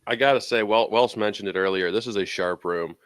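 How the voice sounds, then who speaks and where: A man's voice: on the low side, brisk, fairly bright tone, clear, resonant tone, dry recording. A man in casual podcast chat as a fantasy baseball analyst, rambling and restarting his sentences.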